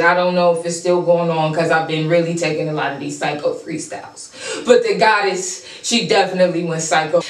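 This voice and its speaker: A woman hosting a casual reaction show, gushing and excitable, repeating herself as she praises the freestyles. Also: fairly low pitch, reverberant, recorded from a distance, low-quality recording.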